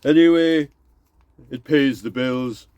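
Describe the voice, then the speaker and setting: A man playing himself as if his local accent were fake, speaking in a deadpan manner. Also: medium pitch, takes it slowly, smooth, dull audio, close to an everyday voice. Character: man joking he drops his put-on accent.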